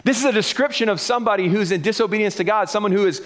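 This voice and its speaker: A man with a high, light voice delivers a sermon in a church. He is animated and conversational, slipping into other voices to act out the people in the stories. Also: very fast. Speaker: pastor.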